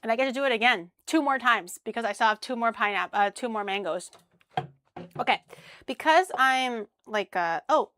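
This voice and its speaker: A woman's voice: a little high, normal speed, fairly bright tone, a little hiss or hum. A young woman streaming as she cooks, chatting casually with crude jokes and easy swearing. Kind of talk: casual cooking stream chat.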